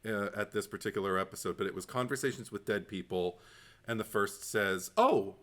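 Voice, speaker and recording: A man co-hosting a podcast in casual chat, talking haltingly with many fillers and restarts and laughing often. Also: fairly low pitch, a bit bright. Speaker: podcast co-host.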